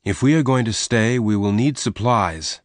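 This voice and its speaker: A man voicing a strong, protective young cowboy in a read-aloud story, calm and plain-spoken. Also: fairly low pitch, normal speed, no echo, pitched above the performer's own voice, close to an everyday voice. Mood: earnest. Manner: calm, plain-spoken, close to the reader's own voice.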